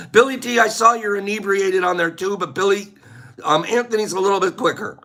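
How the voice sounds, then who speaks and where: A man's voice: sits high, moderate pace, sharp tone. A man hosting a casual livestream, chatting and joking playfully with his viewers and laughing often. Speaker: livestream host.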